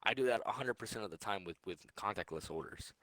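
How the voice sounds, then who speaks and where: A man's voice: lowish voice, fast talker, noisy background. A young man co-hosting a podcast, telling a rambling, swearing story in casual chat. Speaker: podcast co-host.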